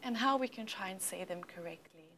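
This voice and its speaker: A woman coaching English pronunciation in a livestream chat, playful and teacherly, modelling words slowly and repeating them. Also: medium pitch, bright, forceful tone, a little hiss or hum.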